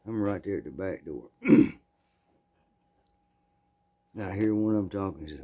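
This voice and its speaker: A man, telling a true story in a plainspoken, folksy way, often clearing his throat. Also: sits low, lively intonation, normal speed, pauses often, dark tone.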